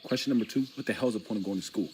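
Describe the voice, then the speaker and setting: A man's voice: lowish voice, rapid-fire, darkish tone. A young man, a recent graduate, ranting in exasperation about looking for work. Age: young adult. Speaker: recent graduate job seeker. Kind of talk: vlog rant. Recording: noisy recording.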